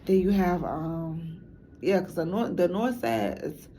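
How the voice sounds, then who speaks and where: A woman's voice: fairly low pitch, unhurried, dark tone, a little hiss or hum. A woman from Chicago with a Chicago accent, talking frankly and loosely in slang for a documentary. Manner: rambling, slangy, frank, laughs often. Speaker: documentary interviewee. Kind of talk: casual talk to camera.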